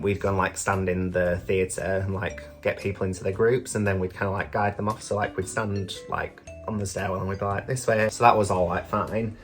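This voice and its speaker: A young British man, a drag queen vlogger, telling stories casually, swearing freely and filling with lots of "like". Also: deep voice. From United Kingdom. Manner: chatty, swears freely, many fillers. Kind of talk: casual storytelling.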